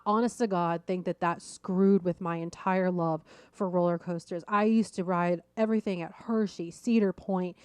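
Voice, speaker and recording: A middle-aged woman hosts a podcast and tells a personal story with lively, self-mocking humor. Her voice sits at a medium pitch and sounds dry and close, with no room echo. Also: clear, resonant tone. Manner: lively, self-deprecating, laughs at herself. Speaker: podcast host.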